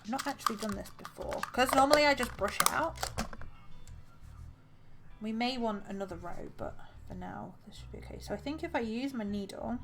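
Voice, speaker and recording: A woman's voice: a little high, fairly quick, music in the background. A woman chatting casually and laughing often while crocheting on a live stream.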